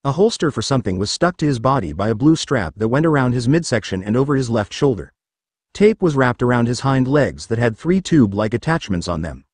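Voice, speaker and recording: A man reading a fan story aloud as scripted narration, with an expressive delivery. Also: medium pitch, brisk, husky, no room sound. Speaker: story reader.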